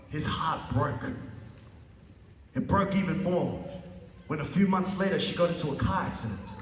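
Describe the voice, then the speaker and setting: A man preaching and telling a story in earnest, often repeating and restarting his phrases, his voice a bit higher than usual. He is heard from a distance in a large hall. The sound echoes with a long reverb tail, and faint room noise sits underneath. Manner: earnest, repetitive, halting restarts. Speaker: pastor. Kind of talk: sermon with storytelling.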